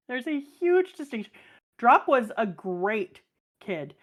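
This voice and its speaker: A woman's voice: a little high, sing-song, takes it slowly. A woman chatting casually on a live stream, telling stories animatedly and laughing often. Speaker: stream guest and mother. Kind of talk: casual chat.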